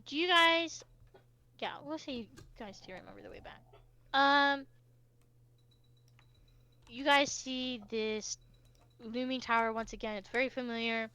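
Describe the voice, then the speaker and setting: Bright-voiced woman running a tabletop game. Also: on the high side, a little slow, pauses often, smooth. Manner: hesitant, lots of fillers. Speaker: game master.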